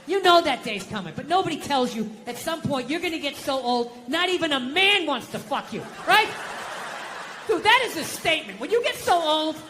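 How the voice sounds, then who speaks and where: High-pitched ranting man on a stage. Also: sing-song, normal speed. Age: middle-aged. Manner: profane, ranting and exasperated. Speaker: stand-up comedian. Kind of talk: stand-up routine. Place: comedy stage before a live audience. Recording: live show with crowd laughter and noise.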